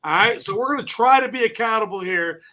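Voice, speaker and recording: A man's voice: high-pitched, fast talker, pushed and bright. A man hosting a casual call-in talk show in a brash, laughing, swearing way. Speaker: show host. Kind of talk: casual chat.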